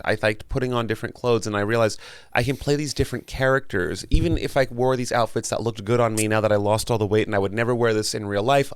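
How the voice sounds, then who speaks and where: Low-voiced man, smooth and dry. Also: no room sound. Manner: rambling, many restarts, swears casually. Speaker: guest, comedian and voice actor. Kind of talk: casual interview chat.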